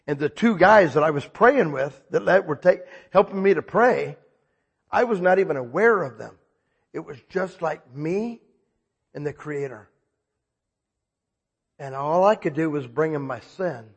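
An older man in his sixties preaches his personal testimony in a husky, high-pitched voice. His pitch leaps widely as he shifts from hushed reverence into excited, shouted storytelling. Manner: storytelling, humorous and emotional.

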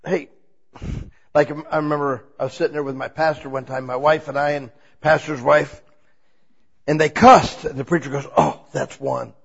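A man preaching an informal, conversational sermon, asking the congregation many questions and swinging between quiet asides and loud, emphatic lines. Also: fairly high pitch, steady tone, normal speed, slightly rough, lo-fi sound. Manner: asks the listeners many rhetorical questions.

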